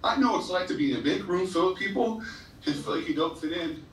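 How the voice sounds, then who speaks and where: A man's voice: sits high, animated, fast talker, a little hiss or hum. A man giving an earnest, heartfelt motivational speech to a school assembly, sometimes stumbling and repeating himself when moved. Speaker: motivational speaker. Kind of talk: emotional storytelling speech to students. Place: large school hall or gym. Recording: echoey school hall from far off.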